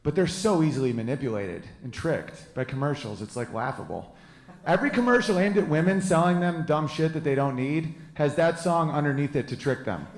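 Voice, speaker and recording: Brisk and fairly high-pitched with lively intonation, this thirty-something comedian works a club stage with crude, brash material, bantering with the audience in a roomy-sounding space.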